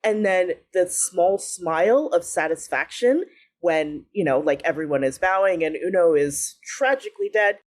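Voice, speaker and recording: A woman's voice: fairly low pitch, expressive, normal speed. A woman co-hosting a podcast, talking in a casual, enthusiastic way and laughing often. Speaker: podcast co-host. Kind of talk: casual chat.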